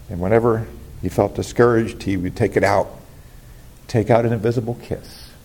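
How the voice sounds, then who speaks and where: A man's voice: mid-range voice, mellow. A man preaching a sermon as a pastor, earnest and rising to emphatic exclamations.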